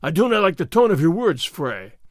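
A man voicing a loud, bullying soldier sergeant who blusters and threatens, in an audiobook reading. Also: high voice, very animated, a little fast, no room sound, studio quality.

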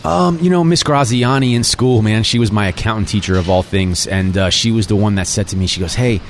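A man in his forties, a restaurant owner, talking about his path in a relaxed, reflective casual interview, with many fillers. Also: on the low side, fairly quick, a little hiss or hum.

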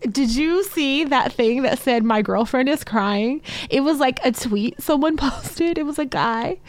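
A woman co-hosting a podcast in casual chat, animated and quick to laugh, swearing freely. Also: high voice, no echo. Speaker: podcast co-host.

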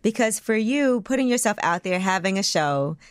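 A woman hosting an interview, asking steady, supportive questions. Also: medium pitch, normal speed, clear, resonant tone, dry recording, clean studio sound. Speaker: podcast host. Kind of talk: interview conversation.

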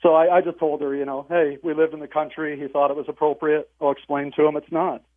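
A man's voice: a little high, level tone, quick pace. A man in his forties calling in to a radio show and telling a story in a dry, wry way. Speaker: caller. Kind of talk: phone-in storytelling. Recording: tinny phone line.

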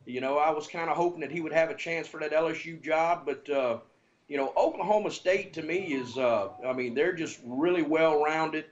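A man with a Southern American accent giving betting lines in casual sports talk, halting with many fillers. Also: fairly high pitch, dull audio.

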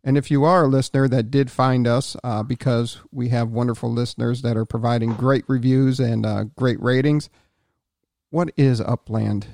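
Male podcast host, casual and rambling, mid-pitched, dry close recording. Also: fairly even intonation, moderate pace, gravelly, a little mellow, no echo. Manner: rambling, with fillers and restarts.

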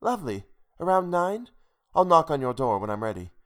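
A man voicing a gracious, weary older woman in a storybook reading, speaking in a sweet, gently teasing way. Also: a little high, big pitch swings, a little fast, smooth, voice pushed up. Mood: sweet, tired. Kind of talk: audiobook character voice.

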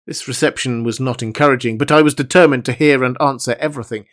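A man narrating a classic novel in the first person, with a measured and formal delivery. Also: medium pitch, fairly even intonation, a bit bright. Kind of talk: audiobook reading of a classic novel.

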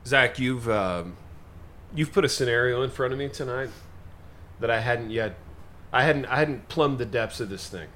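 A man's voice: moderate pace, pauses often, a little hiss or hum. A man co-hosting a comedic talk show, speaking with theatrical, mock-grave indignation. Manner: theatrical, mock-grave, animated pitch swings. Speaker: podcast co-host.

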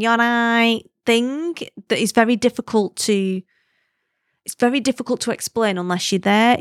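A woman hosting a podcast, chatting casually and telling stories in an animated way. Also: medium pitch, no echo, studio quality. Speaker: podcast host.

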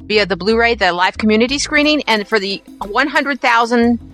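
A woman's voice: fairly high pitch, normal speed, a bit bright, soft background music. A woman hosting a casual group podcast, reading the news items in an upbeat, enthusiastic way.

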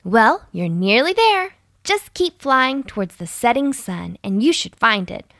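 A woman voicing a small goldfish in a storybook, speaking high and chirpy. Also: sing-song, measured pace, fairly bright tone, dry recording, clean studio sound, full character voice. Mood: helpful. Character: little goldfish in a pond.

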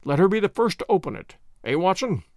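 A man voicing a calm, wry detective who speaks in a measured, commanding way. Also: high voice, dry recording, studio quality. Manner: measured, crisp, quietly amused.

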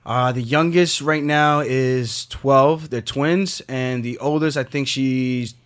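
A young man, a pro fighter, guesting on a podcast. He tells relaxed family stories in a mid-range voice. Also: medium pitch, slow, clean tone. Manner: easygoing storyteller, some fillers. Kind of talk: casual chat.

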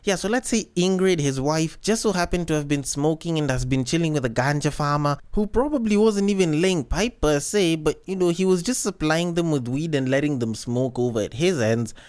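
Male podcast host, cheeky and rambling, slightly high voice. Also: brisk, hardly any pauses, a little mellow, smooth. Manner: cheeky, joking, tangent-prone storytelling. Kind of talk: casual solo podcast monologue.

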